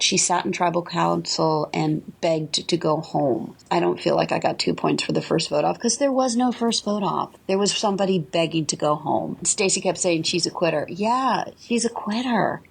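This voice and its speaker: A woman's voice: on the low side, animated, moderate pace, vocal fry, hardly any pauses, husky. A woman from Maine calling in to a fan podcast with a chatty, opinionated review, exclaiming and laughing as she goes. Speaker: caller. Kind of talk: recorded voicemail fan review.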